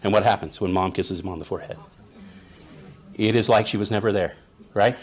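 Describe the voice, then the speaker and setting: A man's voice: on the low side, steady tone, fairly quick, long pauses. A man, a therapist, giving a conference presentation in a conversational storytelling way and often checking in with the audience. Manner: storytelling, acts out parent and child voices; conversational, asks the audience "right?".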